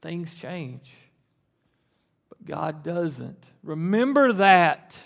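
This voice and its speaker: Preaching a sermon in a church sanctuary, a male pastor moves from conversational talk to emphatic peaks. His voice is on the high side, gravelly and fairly bright, very animated yet extremely slow, and the church hall leaves long reverb.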